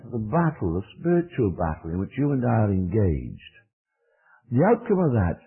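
A man preaching a sermon, explaining a Bible passage in a measured, emphatic way. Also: medium pitch, gravelly, breathy edge. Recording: tinny phone-like radio recording.

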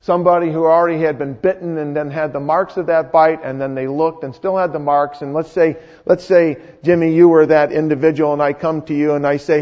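A male pastor with a high voice preaches casually and keeps asking his congregation questions. His voice rings through a long hall, and the recording sounds dull and lo-fi. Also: fairly even intonation, brisk, few pauses. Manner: conversational, quizzes the congregation. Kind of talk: sermon.

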